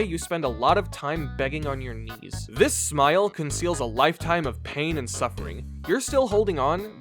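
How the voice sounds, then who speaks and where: A man delivering scripted comedic commentary on a video channel, roasting the viewer sarcastically and swinging between flat asides and sudden shouts. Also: on the high side. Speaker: YouTuber.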